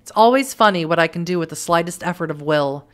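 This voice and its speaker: A woman's voice: fairly low pitch, expressive, quick pace, natural voice. A woman voicing a cruel, scheming female witch who taunts her enemies in a game. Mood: taunting. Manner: taunting, mocking.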